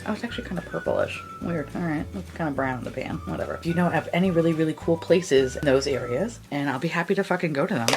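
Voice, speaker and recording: A woman's voice: low-pitched, very animated, fast, hardly any pauses, over music. A woman, chatting in a rambling, profane way while doing her makeup. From New York. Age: 30s. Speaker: beauty vlogger. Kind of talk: casual get-ready-with-me chat.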